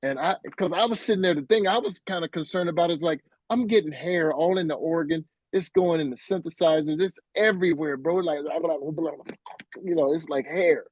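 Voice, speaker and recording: A middle-aged man, a musician being interviewed, telling a story in a casual, animated way and acting out what others said. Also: fairly high pitch, a little fast, no echo, muffled recording. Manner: animated, acts out quoted voices.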